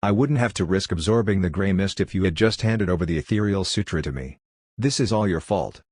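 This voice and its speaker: A man's voice: deep voice, fairly quick, a little mellow, slightly rough, dry recording, studio quality. A man reading a smirking, savage traitor disciple. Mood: scornful. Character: scheming young male traitor disciple, arrogant.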